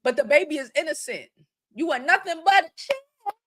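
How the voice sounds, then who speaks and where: A belligerent young woman snaps in broken English, as a female vlogger puts her on. Her voice sits high and swoops with indignation as she scolds and demands. Every line lands as an accusation. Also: animated, moderate pace, dry recording, clean studio sound.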